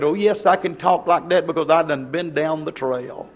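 A man's voice: on the high side, normal speed. An older man, preaching a fervent, exhorting sermon.

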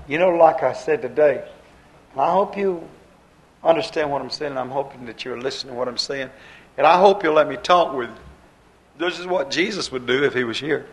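A man's voice: a little high, rough recording. A man preaching a sermon in a folksy, conversational way, repeating his phrases and using plain, homespun grammar.

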